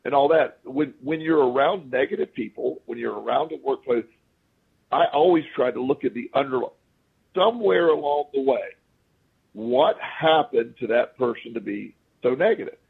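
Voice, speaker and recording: A man's voice: mid-range voice, moderate pace, creaky, husky, narrow, tinny audio. A man as a podcast guest, telling anecdotes casually and acting out what people said. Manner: animated storyteller who acts out quoted speech.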